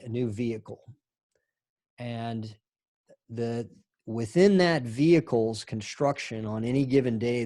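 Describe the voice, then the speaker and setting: Mężczyzna prowadzący swobodny wykład. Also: male voice, medium pitch, a little mellow, dry recording, clean studio sound. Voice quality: conversational, rambling asides. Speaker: instructor. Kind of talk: recorded lecture.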